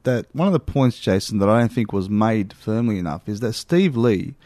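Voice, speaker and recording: A man's voice: fairly low pitch, expressive, normal speed, a little mellow, dry recording. Emphatic man on a podcast. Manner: opinionated, emphatic. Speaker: podcast co-host. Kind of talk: casual podcast chat.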